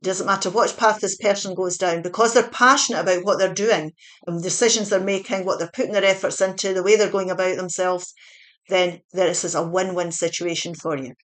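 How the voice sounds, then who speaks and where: A woman's voice: fairly low pitch, steady tone, fairly quick. A woman giving a spoken tarot reading in a chatty, reassuring way, now and then correcting herself mid-sentence. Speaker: tarot reader.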